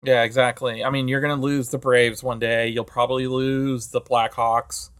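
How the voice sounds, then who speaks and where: A man's voice: mid-range voice, flat delivery, moderate pace, a bit bright, dry recording. A young man co-hosting a podcast in casual chat, laid-back, laughing and swearing. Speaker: podcast co-host.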